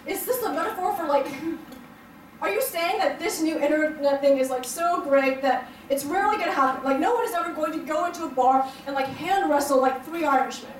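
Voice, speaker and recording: A young woman tells comic stories on a stage, her high voice wandering through fillers and bursts of laughter. She is heard from a distance in a roomy hall, with a faint murmur of the room behind her. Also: a little fast, a little hiss or hum. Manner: rambling, filler-heavy storytelling with frequent laughs. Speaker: stand-up comedian. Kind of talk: stand-up comedy set. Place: hotel event room before a live audience. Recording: roomy, distant live-show sound.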